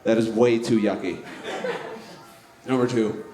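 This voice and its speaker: A man doing stand-up on a comedy club stage, delivering a mock-formal slideshow presentation in a deadpan manner. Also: lowish voice, unhurried. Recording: echoey club with music.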